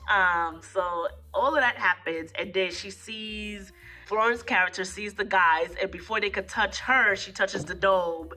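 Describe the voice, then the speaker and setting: A woman recapping a film in a casual review vlog, a little hoarse from a cold, animatedly acting out the lines as she goes. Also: measured pace, soft background music. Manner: animated retelling, acting out lines in jumps of pitch. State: hoarse, getting over a cold. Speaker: movie reviewer.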